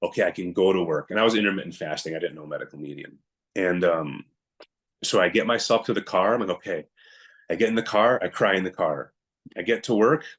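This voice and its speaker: A young man with a very low voice, a guest on a podcast, recounting a hard personal story. He talks bluntly and with emphasis, often acting out what he said at the time. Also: brisk, a bit bright.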